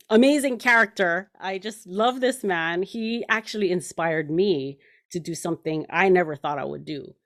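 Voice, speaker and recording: A woman hosting an interview show over a video call, talking enthusiastically and rambling with many fillers. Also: fairly low pitch. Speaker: podcast host.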